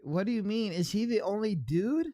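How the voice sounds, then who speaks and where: A man hosting an online radio stream in casual chat, rambling along and reading out chat messages with shout-outs. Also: high voice, animated, normal speed, no echo, clean studio sound.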